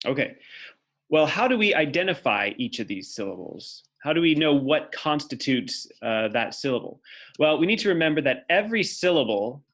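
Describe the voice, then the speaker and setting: A man's voice: fairly high pitch, very animated, moderate pace, a bit bright. A man giving a step-by-step lecture, thinking aloud as he writes on a board. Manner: explanatory, thinks aloud while writing on a board. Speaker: teacher. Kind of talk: classroom lecture.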